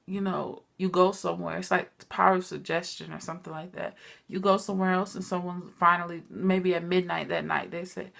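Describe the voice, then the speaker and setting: Chatty woman with a gravelly edge. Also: fairly low pitch. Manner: chatty, animated storytelling, addresses viewers as y'all. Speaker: TV recap vlogger. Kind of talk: casual TV recap chat.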